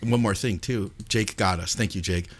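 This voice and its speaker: A man's voice: lowish voice, normal speed, background noise. A man co-hosting a podcast in casual chat, joking and steering the topics. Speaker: podcast co-host.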